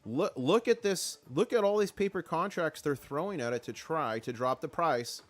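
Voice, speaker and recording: A man hosting a casual live stream with excited market commentary, rallying his chat and reading out their comments. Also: a little high, moderate pace, faint music behind.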